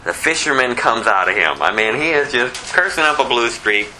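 A pastor with a slight lisp, which he mentions, reads scripture aloud and explains it verse by verse in plain, conversational language. His mid-range voice is pushed and bright with lively intonation at normal speed, on poor audio with slight background noise.

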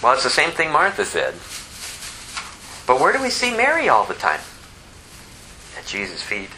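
A man preaching a sermon, moving between impassioned rising emphasis and hushed, slower scripture reading. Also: fairly high pitch, wildly swooping pitch, slight background noise, low-quality recording. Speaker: pastor.

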